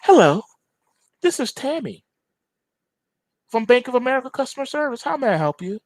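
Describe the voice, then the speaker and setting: A man's voice: extremely high pitch, very animated, moderate pace, no room sound, pitched above the performer's own voice, full character voice. A man voicing a female AI customer service agent in a smug, scripted, politely robotic manner.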